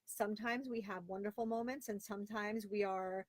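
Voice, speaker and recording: Recorded dry, this medium-pitched voice has fairly even intonation and a moderate pace. The speaker is a thirtysomething woman from Florida via Long Island, hosting a casual live stream in her home closet. Candid, exasperated, and chatty with plenty of "like," she reads viewer comments aloud.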